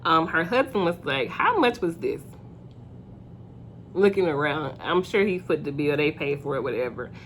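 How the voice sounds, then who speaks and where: A woman's voice: sits low, animated, fairly quick, few pauses, slight background noise. A young woman casually recapping a reality show episode, chatty and opinionated, with plenty of fillers.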